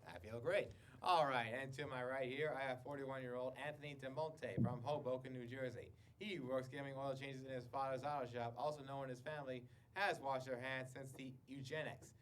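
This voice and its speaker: A man's voice: medium pitch, steady tone, brisk, hardly any pauses, a little hiss or hum, natural voice. A man playing a slick, sarcastic game-show host with mock politeness. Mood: smarmy.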